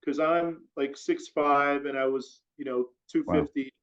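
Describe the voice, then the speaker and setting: In a dull, lo-fi recording, a man speaks as an interview guest, recounting a long personal story in an animated, rambling way full of fillers. His pitch is fairly high and his pace measured.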